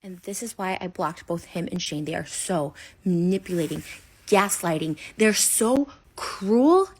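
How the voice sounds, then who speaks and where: A woman's voice: fairly low pitch, fairly even intonation, slightly rough. A woman in her thirties, upset, venting in a personal rant full of "like" and restarts. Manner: upset, rapid and repetitive, many "like"s and restarts. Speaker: online personality. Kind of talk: emotional personal rant to camera.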